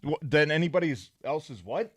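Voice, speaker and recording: A man's voice: fairly high pitch, husky, no echo, clean studio sound. A man hosting sports talk radio, laughing and teasing his co-hosts in casual banter. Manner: laughing, jokey, quick to tease.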